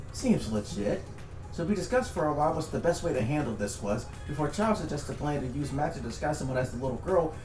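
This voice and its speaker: Animated man recapping a game story. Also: medium pitch. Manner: animated, swears casually, laughs often. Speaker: streamer recounting a tabletop campaign. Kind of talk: casual story recap over voice chat. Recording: echoey room sound.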